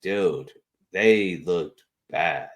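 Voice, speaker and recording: Slangy male co-host, very low voice, laid-back football chatter. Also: extremely slow. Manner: loose, laughing, slangy. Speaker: podcast co-host. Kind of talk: casual sports chat.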